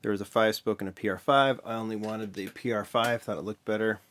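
A man's voice: lowish voice, steady tone, fast talker, fairly bright tone. A man hosting a casual show-and-tell vlog, talking in an offhand, mumbling way and often correcting himself. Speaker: vlog host, toy car collector.

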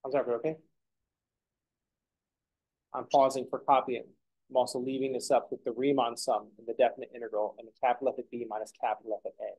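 A man's voice: medium pitch, little pitch movement, fast talker, pauses often, a little mellow, lo-fi sound. A man teaching a calculus class, explaining steps and making joking asides to his students. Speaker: math lecturer. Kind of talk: classroom lecture.

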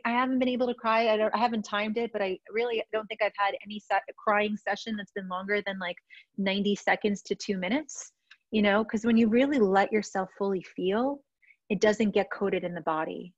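A woman's voice: medium pitch, steady tone, brisk, dry recording, dull audio. A middle-aged woman from a Russian-speaking family, teaching about emotions and self-care in a candid, emotional way with many restarts. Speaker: positive psychology teacher. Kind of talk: personal teaching talk to a group.

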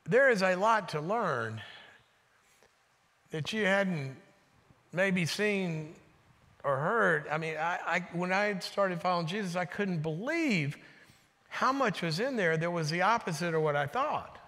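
A man giving a sermon, telling stories in an animated way and dropping to a hushed voice when quoting people. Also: high voice, measured pace. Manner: animated storyteller, drops to a hushed voice for quotes. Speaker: guest speaker. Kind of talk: sermon with storytelling. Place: church sanctuary. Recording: reverberant church hall.

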